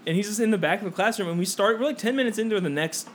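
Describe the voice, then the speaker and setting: A man's voice: high voice, rapid-fire, slight background noise. Rambling young man telling school stories. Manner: rambling, laughing, swears a lot, acts out quotes. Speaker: podcast co-host. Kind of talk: casual storytelling among friends.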